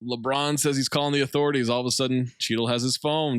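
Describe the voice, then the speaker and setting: A man recaps a film scene by scene in an easy podcast chat. He slips in deadpan asides as he goes. The mic is close and dry. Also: mid-range voice, fast talker, smooth, no echo. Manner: plot-summarizing, dry jokey asides. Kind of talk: casual movie recap podcast.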